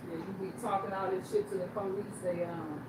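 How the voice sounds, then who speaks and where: A blunt, animated woman telling stories on a livestream, switching into voices for the people she quotes. Her voice sits in a middle range. The room is echoey, and steady background noise runs underneath. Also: mid-range voice. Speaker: livestream host. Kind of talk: casual storytelling on a livestream.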